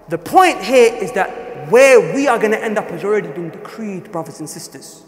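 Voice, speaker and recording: A man preaching a sermon with impassioned delivery, often rising to near shouting. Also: high-pitched, lively intonation, fairly quick. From South Asia. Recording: echoey hall.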